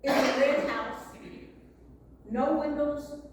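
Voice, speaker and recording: An earnest young farm boy pleads politely and insistently, voiced by a woman storyteller. His voice is high and unhurried. It echoes from a distance in a large hall. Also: steady tone, noisy background. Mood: pleading.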